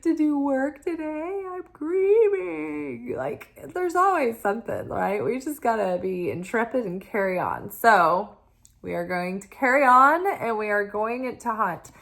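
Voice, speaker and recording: A woman's voice: mid-range voice, animated, unhurried, creaky, a bit bright. A woman giving a casual spoken tarot reading, earnest and musing, often checking in with "right?" and "you know.". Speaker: tarot reader.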